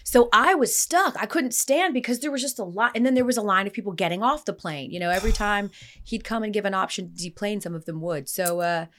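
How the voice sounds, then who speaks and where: A woman hosting a casual podcast, telling stories with lively energy and acting out the people in them. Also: mid-range voice, quick pace, a little hiss or hum. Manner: animated storyteller, voices the people in her stories. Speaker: podcast host.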